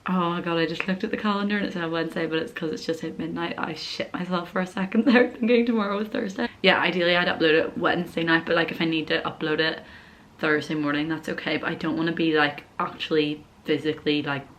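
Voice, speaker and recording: Chatty young woman, low voice. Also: fast. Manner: chatty, excitable, swears casually. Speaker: university student vlogger. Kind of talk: casual vlog chat.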